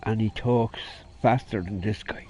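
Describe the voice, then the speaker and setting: A man's voice: on the low side, fairly even intonation, a little slow, warm tone, lo-fi sound. A man with an Irish accent giving casual, joking commentary while playing a video game. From Ireland. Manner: joking, chatty, blunt. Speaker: gaming video host.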